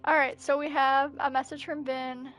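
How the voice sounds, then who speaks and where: A woman's voice: high voice, little pitch movement, moderate pace, fairly bright tone, faint music behind. A woman streaming a game and reading its messages and journal entries aloud as narration, with breathless asides. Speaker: gameplay streamer. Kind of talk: reading game texts aloud during a playthrough.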